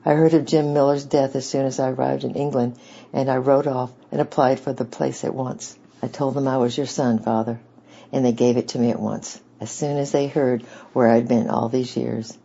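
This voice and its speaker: A man doing a husky, sorrowful sailor. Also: medium pitch, level tone, normal speed, warm tone. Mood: subdued. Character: weathered sailor father, quiet and sorrowful. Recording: dull lo-fi recording.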